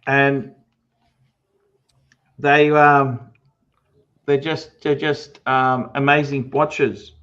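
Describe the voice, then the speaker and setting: A man co-hosting a casual livestream, explaining watch models with effusive praise and halting fillers. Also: medium pitch, flat delivery, fairly bright tone. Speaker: co-host and watch expert. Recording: dull lo-fi sound.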